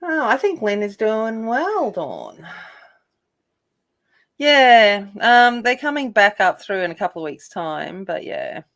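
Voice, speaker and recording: A woman's voice: a little high, big pitch swings, slow, fairly bright tone. An Australian woman chatting casually with viewers while she colors, in a rambling, chatty way. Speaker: coloring livestream host.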